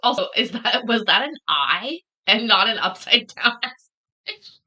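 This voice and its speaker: Woman streamer, casual and unfiltered, high-ish bright voice, animated delivery. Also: measured pace, breathy edge. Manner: chatty, laughing, swears freely. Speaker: livestream host. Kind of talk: casual chat reacting to a court stream.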